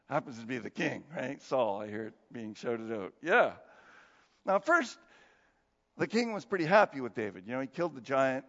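A man's voice: medium pitch, animated, moderate pace, pauses often, fairly bright tone. A man preaching a conversational sermon as pastor, laughing often and acting out the people he quotes. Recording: dull sound with long hall reverb.

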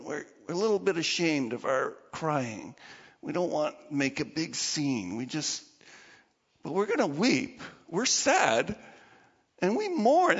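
A man, a pastor, preaching a sermon with animated storytelling and acted-out voices. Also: high voice, vocal fry, husky, big-room sound, lo-fi sound. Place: church.

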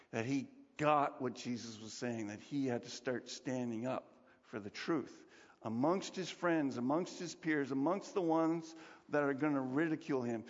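Animated male pastor, echoing sanctuary. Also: a little high. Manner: animated, conversational, acts out quotes. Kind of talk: sermon. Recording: dull recording, long hall reverb.

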